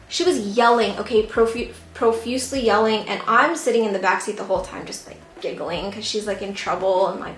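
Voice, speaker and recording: A woman's voice: medium pitch, a little fast, few pauses. A tipsy young woman telling a story animatedly at home, full of "like", while she repots plants. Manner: animated, filler-heavy "like" storytelling. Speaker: plant vlogger. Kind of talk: casual storytelling. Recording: echoey room with background music.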